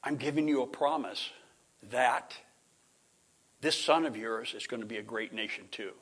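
A man doing a quiet, plain-spoken angel. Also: mid-range voice, normal speed, breathy edge. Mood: gentle. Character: male angel comforting a weeping woman.

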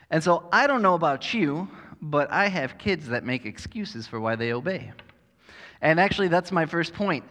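Conversational pastor in a reverberant hall. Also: male voice, fairly high pitch, fairly bright tone. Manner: conversational, self-deprecating humor. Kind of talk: sermon.

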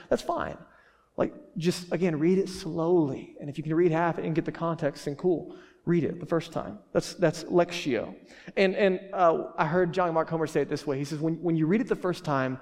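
This man's voice sits a little high with a darkish tone as he preaches in a church hall. His pastoral sermon is loose and jokey, full of fillers and false starts, and the hall's reverb is clearly audible.

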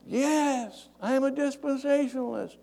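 A preacher voicing a distressed man on a bridge who shouts short answers downward, in a joke. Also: extremely high pitch, a little slow, creaky, voice pushed up, heavily acted. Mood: yelling answers. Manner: yelling answers.

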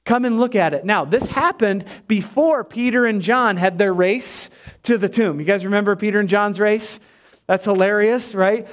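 A male pastor preaching a sermon in an animated, emphatic way, repeating his key phrases. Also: high voice, moderate pace.

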